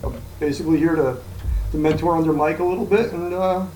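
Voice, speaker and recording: A man's voice: fairly high pitch, steady tone, fast talker, a little mellow, distant mic, a little hiss or hum, rough recording. A man from New Jersey, a guest on a podcast, talking casually and restarting his sentences. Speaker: guest, contractor.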